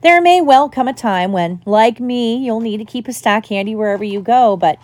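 A woman's voice: on the high side, expressive, moderate pace, darkish tone, dry recording, close to an everyday voice. A woman voicing a vain, pompous grown male teacher who talks jovially and patronizingly. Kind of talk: audiobook character voice.

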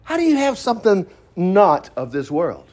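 A pastor with a high, slightly mellow voice lets his pitch swoop wildly while keeping a moderate pace. His informal Bible study mixes scripture read aloud with folksy, conversational riffing and asides.

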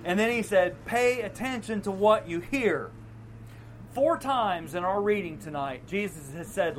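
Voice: mid-range voice, a little slow, a little hiss or hum, low-quality recording. A pastor giving an evening sermon in a casual, conversational way, acting out the voices of the people in the story. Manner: conversational, acts out quoted voices with laughs.

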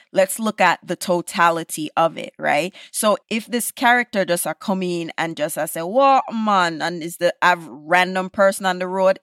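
A woman's voice: on the low side, fairly bright tone, dry recording, studio quality. A woman from the Caribbean with a Caribbean accent, a guest talking casually and emphatically, often adding tag questions. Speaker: guest, podcast creator. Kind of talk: casual conversation.

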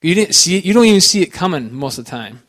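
A man's voice: high-pitched, sing-song, fast talker, a bit bright. A man telling personal stories as a guest speaker, rambling and folksy, full of "you know" and restarts. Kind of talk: personal testimony storytelling.

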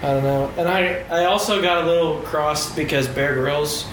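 A man's voice: a little high, steady tone, normal speed, a bit bright. A man hosting a podcast in casual chat, joking with playful mock-dramatic banter. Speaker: podcast host. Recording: roomy echo, faint noise.

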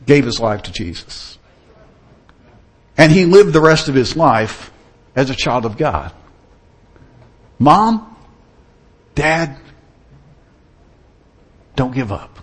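A man preaching a sermon in an earnest, storytelling manner. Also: on the high side. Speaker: pastor.

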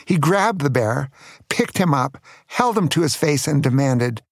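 A man's voice: fairly high pitch, expressive, unhurried, dry recording, clean studio sound. An older man telling a children's adventure story as a grandfather, playful and dramatic, with small jokes.

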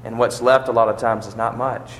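A man's voice: medium pitch, little pitch movement, a little fast, fairly bright tone, slight background noise. A man preaching a sermon, building to emphatic peaks and asking rhetorical questions, in a church or funeral hall. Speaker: pastor. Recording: long reverb of a large hall.

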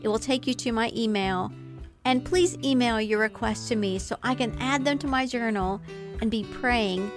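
A middle-aged woman hosting a podcast, giving an earnest devotional teaching talk and slowing down to stress key phrases. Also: a little high, over music. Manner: earnest, warm encouragement with slow emphatic quotes. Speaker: podcast host.

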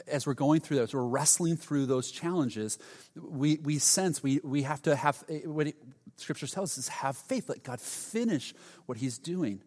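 A middle-aged man preaches from the pulpit, slipping into animated stories with sudden loud bursts. His voice sits a little high. The sound rings with the long reverb of a church sanctuary. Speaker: pastor. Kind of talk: sermon.

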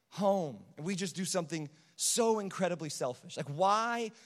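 Guy preaching to teens, high voice, acts out the stories, lots of reverb from a big hall. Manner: animated storytelling, acts out quotes, repeats phrases. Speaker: youth pastor. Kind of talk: sermon.

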